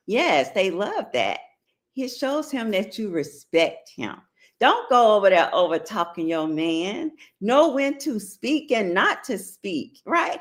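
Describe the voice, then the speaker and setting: A woman's voice: medium pitch, a bit bright. A middle-aged woman with an African American Vernacular English accent, hosting a casual advice talk, blunt and profane, checking in with her listeners. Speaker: host giving relationship advice.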